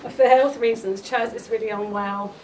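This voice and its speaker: A woman delivers a fond, heartfelt eulogy at a memorial gathering, chuckling now and then as she speaks. Her voice sits a little high. She is picked up by a distant microphone, with clear background noise behind her. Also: fairly even intonation, moderate pace. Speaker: eulogy speaker, friend of the family.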